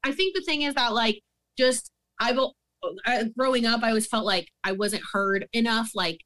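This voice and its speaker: A woman's voice: on the high side, moderate pace, fairly bright tone. A young woman telling a story in a casual interview, heated and profane, acting out quoted dialogue. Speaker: guest.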